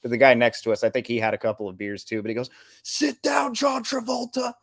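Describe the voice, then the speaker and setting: A man's voice: fairly low pitch, steady tone, racing, no echo. Laughing, rambling man on a podcast. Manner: laughs often, rambling storytelling with fillers. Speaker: podcast co-host. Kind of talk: casual sports podcast chat.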